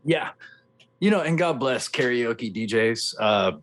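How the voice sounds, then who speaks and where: A man's voice: medium pitch, animated, unhurried, slight background noise. A man who works as a tour manager and sound engineer, chatting casually on a podcast in an easygoing, rambling way.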